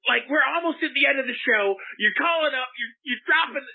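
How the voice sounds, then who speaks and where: A man's voice: very high voice, fairly quick, narrow, tinny audio. A man playing a flippant pop psychologist from Oklahoma who hosts a comedic call-in show, prissy and easily rattled, stammering when callers swear. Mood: flustered. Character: flippant middle-aged male pop psychologist radio host.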